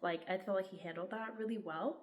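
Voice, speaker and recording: A woman's voice: medium pitch, fairly quick, slight background noise. A young woman gives an enthusiastic, heartfelt book review, peppered with "like". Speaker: book vlogger. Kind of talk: casual book review vlog.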